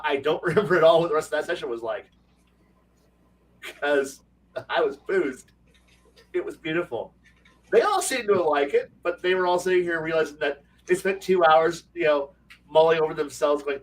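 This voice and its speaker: A man's voice: fairly high pitch, moderate pace, fairly bright tone, far from the mic. A man chatting casually as a game master, rambling through a story, acting out quotes, laughing and swearing freely. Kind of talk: casual chat on a livestream.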